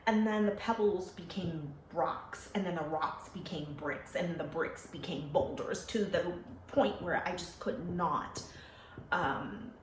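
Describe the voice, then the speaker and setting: A woman telling her own life story to her viewers, emotional and animated, acting out the voices she quotes. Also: lowish voice, measured pace. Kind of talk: personal storytelling to camera. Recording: echoey room with faint ambient noise.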